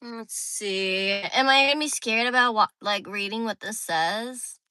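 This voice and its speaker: A young woman with a squeaky voice chatting casually on a phone livestream, saying "like" often. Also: measured pace, sharp tone, clear, resonant tone, no echo, poor audio. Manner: chatty, heavy use of "like", reads viewer comments.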